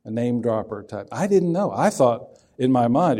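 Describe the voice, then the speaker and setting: Male preacher, mellow tone, folksy sermon delivery that asks the listeners questions. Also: mid-range voice, sing-song, moderate pace.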